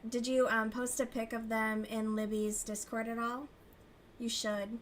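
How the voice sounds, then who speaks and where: A young woman with a fairly high, level voice speaks unhurriedly over slight background noise. Hosting a crochet livestream, she chats casually with viewers and reads the chat, gossiping, swearing and laughing often.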